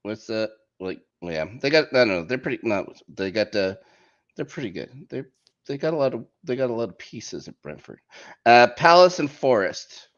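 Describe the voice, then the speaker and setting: A man's voice: medium pitch, moderate pace. A man hosting a casual football podcast, joking and reading out the week's fixtures. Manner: lively, jokey, reads out fixtures. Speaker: podcast host. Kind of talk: casual sports chat. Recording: muffled lo-fi audio.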